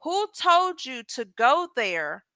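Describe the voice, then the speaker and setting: A woman's voice: high voice, big pitch swings, takes it slowly, pushed and bright, clear, resonant tone, no echo. A woman hosting legal commentary, reading a transcript aloud and breaking off to ask viewers pointed questions. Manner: talks straight to viewers, asking pointed questions.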